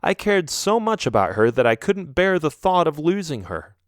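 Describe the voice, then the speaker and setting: A man reading a children's ghost story aloud as an audiobook narrator, telling it in an expressive storytelling manner. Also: on the high side, normal speed, clear, resonant tone, no echo, clean studio sound. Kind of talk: scripted narration.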